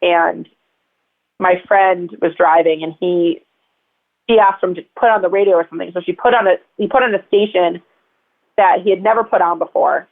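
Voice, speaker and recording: A woman with a gravelly edge talks as a guest, and her stories ramble along with lots of "um" and "like". She comes through a tinny, phone-like line. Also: fairly low pitch, fairly even intonation, normal speed. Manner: chatty, rambling, full of fillers. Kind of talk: casual interview storytelling.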